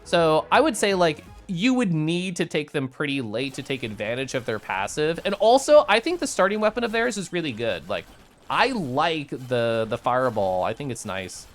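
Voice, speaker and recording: A game streamer giving chatty, excitable live gameplay commentary, often saying "like" and "um" and answering chat. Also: mid-range voice, moderate pace, soft background music.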